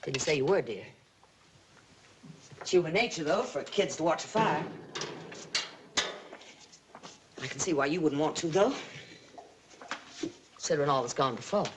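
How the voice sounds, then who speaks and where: A woman's voice: sits low, animated, moderate pace, pauses often, background noise. An actress playing a sly, needling aunt who threatens her niece in a 1950s TV drama. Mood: insinuating. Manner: sly, insinuating, sharp when crossed.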